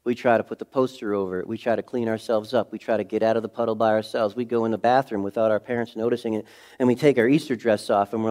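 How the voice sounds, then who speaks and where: A middle-aged pastor with a medium-pitched voice preaches a sermon conversationally, packing it with rhetorical questions. He swings between loud emphasis and hushed moments.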